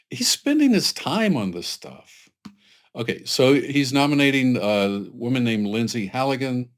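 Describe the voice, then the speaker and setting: Low-voiced guy doing political commentary, sarcastic, emphatic, rambles and restarts a lot.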